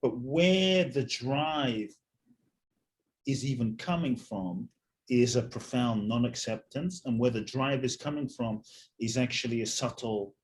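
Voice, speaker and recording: A man who is an author and a guest on a podcast, talking calmly and with emphasis, repeating phrases to drive his point home. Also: medium pitch, unhurried. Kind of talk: conversational interview.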